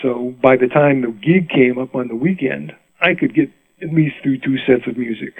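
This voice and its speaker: A man's voice: mid-range voice, moderate pace, creaky, breathy edge, no room sound, phone-quality sound. An older man from Rhode Island, a mandolin player, telling stories in a casual interview, chatty and laughing with many restarts.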